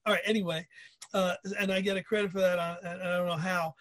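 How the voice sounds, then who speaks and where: A man's voice: high voice, little pitch movement, fast, a bit bright. A man hosting a casual chat, telling his own stories with enthusiastic self-deprecation. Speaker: podcast host.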